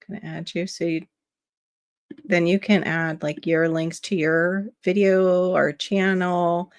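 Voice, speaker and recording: A woman's voice: on the low side, little pitch movement, takes it slowly, smooth, no room sound, studio quality. A woman from Florida with a noticeably nasal voice hosts a casual livestream. She chats easily and reacts to viewers' comments as she reads them aloud. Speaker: livestream host.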